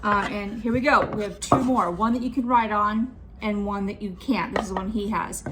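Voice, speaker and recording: A woman's voice: mid-range voice, steady tone, moderate pace, background noise. A woman unboxing a returns box on her vlog, talking in a snarky, annoyed way. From California.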